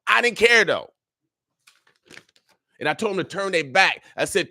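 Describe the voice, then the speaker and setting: A man's voice: sits high, expressive, unhurried, creaky, pauses often, pushed and bright, no room sound. An older man speaking on a radio show in a studio, preaching and joking, repeating himself in casual street talk. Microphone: studio microphone.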